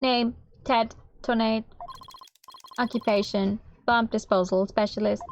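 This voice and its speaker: A woman voicing a stiff, robotic-sounding male bomb expert, speaking in flat, clipped, word-by-word phrases. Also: fairly high pitch, measured pace, muffled recording, slight background noise. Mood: deadpan.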